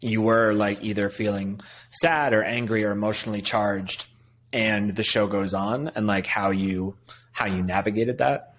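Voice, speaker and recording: A man's voice: fairly low pitch, fairly even intonation, moderate pace, a bit bright, slight background noise. A male podcast host asking curious, thoughtful interview questions.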